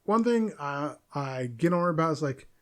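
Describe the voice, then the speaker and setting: A man's voice: fairly high pitch, animated, moderate pace, fairly bright tone. A man hosting a solo podcast, talking casually in an opinionated, rambling way and laughing often. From United States. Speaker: podcast host.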